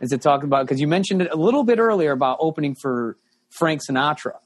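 A man's voice: a little high, lively intonation, fast. Easygoing male podcast host. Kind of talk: casual interview.

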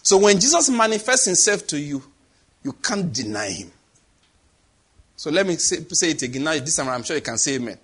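A man preaching in a high, husky voice. His delivery is lively and dramatic, swinging widely in pitch as he acts out voices and sound effects. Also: fairly quick. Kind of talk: sermon.

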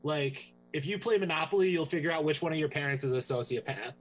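A man's voice: on the high side, fast, low-quality recording. A man hosting a comedy podcast in casual chat, swinging between joking and earnest. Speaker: podcast host.

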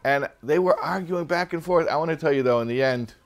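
A man's voice: a little high, brisk. A man teaching a religious text class in a casual, joking storytelling manner.

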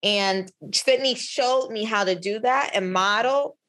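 A woman talking as a podcast guest, expressive and emphatic, often restarting her sentences. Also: mid-range voice, measured pace. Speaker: podcast guest, physician researcher. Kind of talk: candid podcast conversation.

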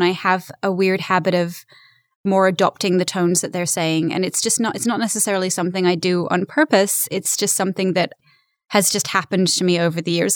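A young adult woman, English-born, talking in an American accent with British traces, chatting lively as an interview guest. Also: mid-range voice, no room sound, clean studio sound. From England. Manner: lively, chatty, laughs easily. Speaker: voice actor guest. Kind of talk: casual interview chat.

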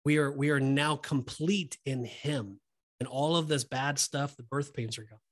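Male co-host, earnest Bible discussion, mid-range voice, halting delivery with fillers. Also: medium pitch, fairly even intonation. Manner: earnest, preachy, with many fillers and restarts. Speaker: podcast co-host.

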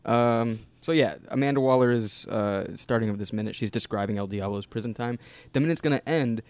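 A man's voice: medium pitch, a little fast, a little mellow, dry recording. A man hosting a casual podcast chat, laid-back and joking, often trailing off mid-sentence. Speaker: podcast host.

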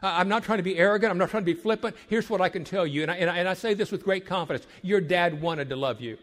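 An older man, a marriage counselor, gives an emphatic sermon-like talk to young people, building repeated phrases and sometimes dropping to a hush. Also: sits high, fairly even intonation, very fast. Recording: long hall reverb.

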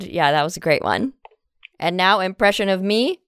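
A woman with a slightly low pitch and a smooth, clear voice hosts a podcast. She teases her guest and laughs a lot. The recording is dry and close. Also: animated, normal speed, fairly bright tone, no room sound. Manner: giggly, teasing interviewer. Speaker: podcast host. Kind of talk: casual chat.

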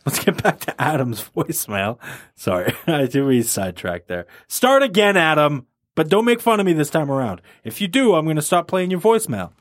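A man's voice: on the high side, very animated, brisk, no echo, clean studio sound. A man hosting a podcast, casual and joking, often self-mocking and laughing. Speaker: podcast host. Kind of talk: casual chat.

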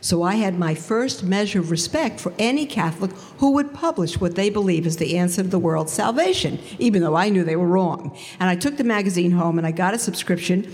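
A woman giving a lively personal testimony talk, storytelling with big swings into quoted voices. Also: lowish voice, brisk, few pauses. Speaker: speaker giving a conversion testimony. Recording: long hall reverb.

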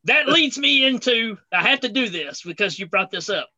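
A man co-hosting a casual chat, an animated storyteller who tells a long joke. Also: extremely high pitch, normal speed, dull audio.

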